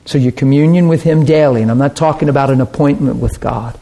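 A man preaching a sermon, animated and chatty, acting out harsh voices and laughing often. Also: medium pitch, fast talker.

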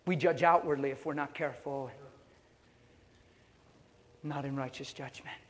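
Animated male pastor preaching in a hall. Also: mid-range voice, unhurried. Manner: animated storytelling with rhetorical questions. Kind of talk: sermon. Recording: long reverb of a large hall.

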